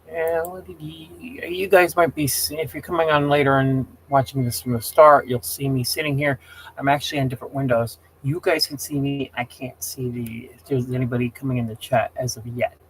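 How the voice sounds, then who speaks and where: Male streamer, casual chat, mid-range pitch, rambling, easily exasperated. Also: steady tone, brisk, a little hiss or hum. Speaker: livestream host.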